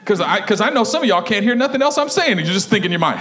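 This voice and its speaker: Animated, laughing man preaching. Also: high-pitched, quick pace. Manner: humorous, laughing, animated storytelling. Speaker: pastor. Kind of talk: sermon.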